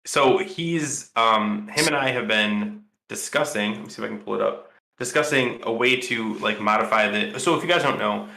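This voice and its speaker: A man's voice: fairly low pitch, normal speed, gravelly, bright, forceful tone, reverberant. A man co-hosting a casual podcast chat, rambling and thinking aloud with lots of fillers and restarts. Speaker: podcast co-host.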